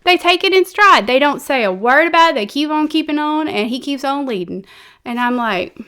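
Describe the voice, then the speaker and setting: A woman's voice: high voice, lively intonation, normal speed, sharp tone. Chatty woman telling true crime. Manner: chatty, rambling, with many fillers and restarts. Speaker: true crime channel host. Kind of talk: casual storytelling monologue.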